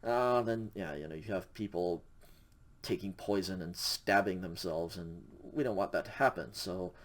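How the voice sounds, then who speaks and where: A man teaching a recorded university lecture in a casual way, with frequent ums and okays, who slows down to stress examples. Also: low voice. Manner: casual, many fillers like um and okay; spells out examples slowly and stresses key words. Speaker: university Greek instructor.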